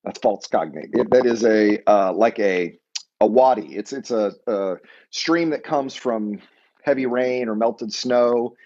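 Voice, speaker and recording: A man leading a weekly Bible study lesson, talking conversationally and pausing to explain terms. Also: on the low side, darkish tone, highs cut off.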